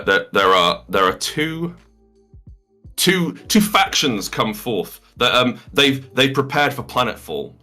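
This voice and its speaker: A man's voice: medium pitch, pushed and bright. A man narrating as game master, improvising with hesitant restarts and frequent laughter.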